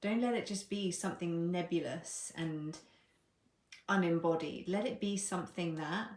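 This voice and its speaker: A woman's voice: on the low side, normal speed, a little mellow. A woman coaching on a live stream, playful and irreverent, laughing at herself and swearing casually. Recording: echoey room.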